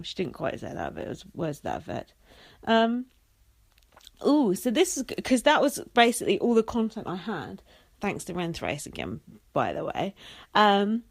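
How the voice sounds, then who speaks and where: A young woman vlogging a casual recap, sarcastic and sweary, full of "like" and "um". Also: lowish voice. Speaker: vlogger recapping a reality show.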